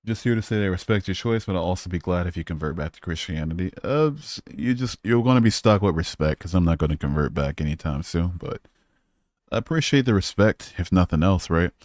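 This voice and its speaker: Low-voiced man hosting a casual livestream. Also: expressive, brisk, darkish tone, dry recording, studio quality. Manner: casual and profane, reading chat aloud. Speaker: livestream host. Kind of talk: casual live-stream chat.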